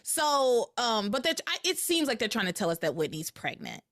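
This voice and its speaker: A woman hosting a podcast, chatting casually as she recaps a soap opera episode and jumps up in pitch when something excites her. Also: moderate pace, no room sound, studio quality. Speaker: podcast host.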